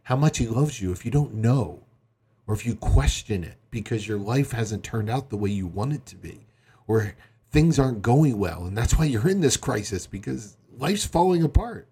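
Husky-voiced man preaching earnestly. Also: medium pitch, animated, moderate pace, warm tone. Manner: earnest, emphatic preaching with acted-out quotes. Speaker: pastor. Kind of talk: sermon.

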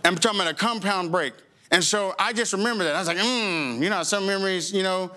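High, bright-voiced storytelling preacher. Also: male voice, fast talker. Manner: animated, conversational, preaching. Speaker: pastor. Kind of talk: sermon with humorous storytelling.

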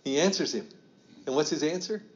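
A man's voice: fairly high pitch, fairly quick, highs cut off, a little hiss or hum. A man teaching a Bible study as a pastor, asking the group questions and acting out quoted lines with rising emphasis.

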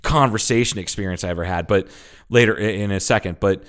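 A man in his thirties, a podcast co-host telling a story in casual chat, animated and full of swearing. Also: on the low side, fast. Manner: animated storyteller, swears a lot, acts out quotes loudly.

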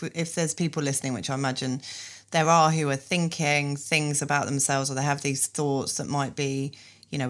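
A woman hosting a podcast, chatting candidly and expressively with her guest. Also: very deep voice. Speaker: podcast host. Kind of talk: casual interview chat.

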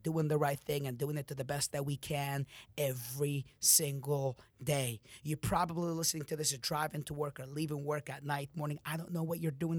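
A man's voice: on the high side, fairly bright tone, dry recording. A man hosting a motivational podcast, giving a blunt, profane pep talk straight to his listeners. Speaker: podcast host, motivational speaker. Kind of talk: motivational monologue.

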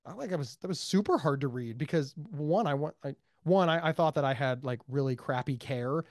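Emphatic, high-energy American man. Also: brisk, dry recording, studio quality. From United States. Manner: emphatic, energetic, repeats for stress. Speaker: guest, mental health advocate. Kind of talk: animated interview talk.

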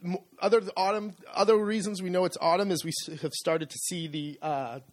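A man's voice: high voice, steady tone, fairly quick. A middle-aged man co-hosting a casual podcast chat, rambling with many fillers and restarts. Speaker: co-host. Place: rural home.

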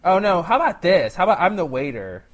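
A man's voice: high-pitched, very animated, quick pace, a crowd in the background. A young man chatting casually and teasing his friend while they plan improv scenes. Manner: swearing, laughing, teasing banter.

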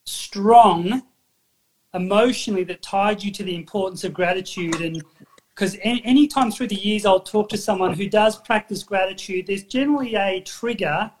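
High-voiced podcast host. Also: male voice, normal speed, slight background noise. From Australia. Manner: enthusiastic, encouraging, backchannels often. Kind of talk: casual interview chat.

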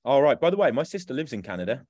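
A man's voice: mid-range voice, big pitch swings, very fast, darkish tone, no room sound, studio quality. Chatty man, laughs a lot. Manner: chatty, laughs often, casual swearing and slang. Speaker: podcast guest, triathlete. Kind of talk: casual chat over a call.

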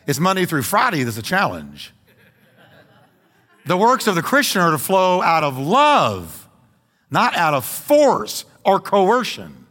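Animated male pastor preaching in a hall. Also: a little high. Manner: animated preaching, rising to emphatic questions. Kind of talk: sermon. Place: church sanctuary.

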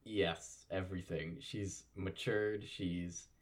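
Casting note: relaxed podcast co-host, casual recap chat, easygoing with fillers. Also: deep voice, slow pace.

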